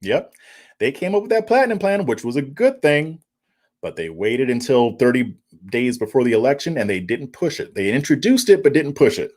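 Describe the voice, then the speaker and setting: A man hosts a casual political commentary stream, reacting to viewer comments as he goes. His voice sits at an ordinary middle pitch but swings widely and lively. He chuckles often and trips over and repeats his words. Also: moderate pace. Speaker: political commentary show host. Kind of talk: casual livestream commentary reading viewer chat.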